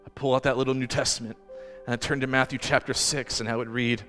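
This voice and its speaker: A man's voice: mid-range voice, level tone, fast, fairly bright tone, long reverb tail, faint music behind. A man pastor giving a personal sermon, earnest and close to tears, often restarting his sentences. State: emotional, near tears. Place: church.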